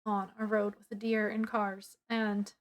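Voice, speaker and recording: A woman's voice: medium pitch, level tone, unhurried, muffled recording. A woman casually reviewing a book, retelling the plot in a rambling way with lots of fillers.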